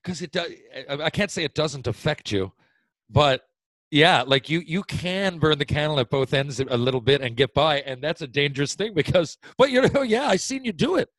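A man's voice: on the high side, normal speed, no room sound. Man hosting a dry-sounding chat. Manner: relaxed, laughs along, asks follow-up questions. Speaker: podcast host. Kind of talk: casual interview chat.

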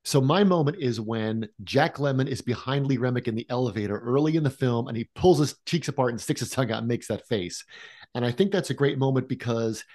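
A man co-hosting a film discussion, excited and conversational. His voice sits at an ordinary middle pitch, and he tumbles through quick restarts and asides as he talks. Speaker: co-host of a film podcast. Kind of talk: casual conversation.

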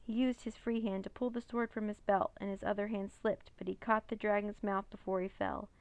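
A woman reads a children's chapter book aloud in a steady, plain manner. Her voice has a gravelly, creaky texture, and the recording is dry and close, with no room sound. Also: medium pitch, a little fast, dry recording. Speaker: narrator. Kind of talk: storybook read-aloud.

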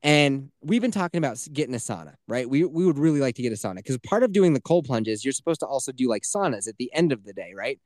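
A man's voice: medium pitch, expressive, fast, few pauses, a little mellow, no echo, studio quality. A man hosting a podcast, telling stories in a chatty, swearing way from a small closet. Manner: chatty storyteller, swears freely. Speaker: podcast host. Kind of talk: casual chat.

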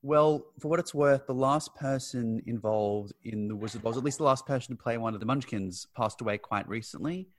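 A man chatting enthusiastically about old films as a podcast co-host. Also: mid-range voice. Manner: chatty, enthusiastic, quick asides. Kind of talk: casual film chat.

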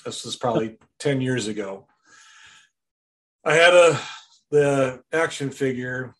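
A man in his forties chatting casually, giving short replies and telling an animated story. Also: medium pitch, slow. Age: 40s. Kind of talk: casual chat.

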